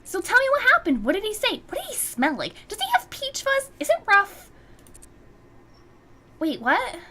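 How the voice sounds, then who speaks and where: A woman voicing an excitable, gossipy schoolgirl who fires off squealing questions while reading a visual novel. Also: high-pitched, voice pushed up. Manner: squealing, rapid-fire questions.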